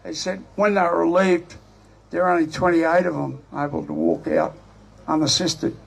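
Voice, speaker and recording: An older man with an Australian accent giving a rambling, rousing speech at an outdoor rally, shouting to the crowd. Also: a little high, animated, moderate pace, gravelly. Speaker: rally speaker.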